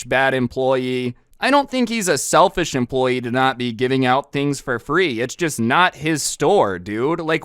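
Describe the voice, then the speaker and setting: A man tells a storytime in a casual, exasperated tone with sarcastic asides. His voice is smooth and clear. The sound is dry and close to the mic. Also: mid-range voice, fairly bright tone, no echo. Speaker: storytime vlogger. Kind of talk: storytime narration.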